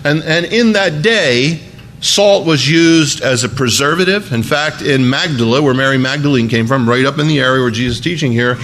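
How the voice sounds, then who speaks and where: A man's voice: mid-range voice, moderate pace, a bit bright, slight background noise. Folksy, conversational male preacher. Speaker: pastor. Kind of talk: sermon.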